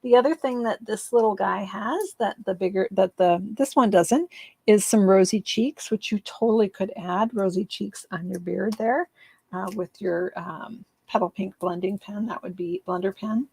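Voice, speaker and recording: A woman's voice: mid-range voice, normal speed, gravelly, warm tone, breathy edge, dry recording. A woman demonstrating card making in a casual live craft session, chatty and rambling, with frequent ums and laughs at her own slips.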